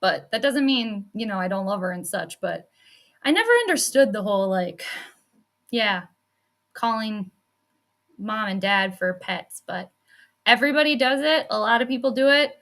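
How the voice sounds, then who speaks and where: A woman's voice: medium pitch, lively intonation, normal speed, long pauses, fairly bright tone. A woman casually chatting at home on her live stream, laughing often and saying "like" a lot. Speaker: sports astrology streamer. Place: home workspace.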